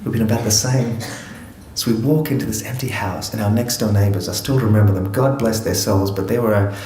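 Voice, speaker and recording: A man's voice: on the low side, fairly even intonation, fairly quick, dark tone, echoey room, low-quality recording. A man from Afghanistan telling his life story to an audience in an earnest, reflective way, with touches of humor.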